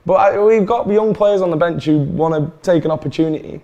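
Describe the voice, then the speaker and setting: A man's voice: high voice, a little fast, mellow, lo-fi sound. A man talking casually about a live football match as a fan, easygoing and laughing along, often restarting his sentences. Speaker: Burnley fan co-host.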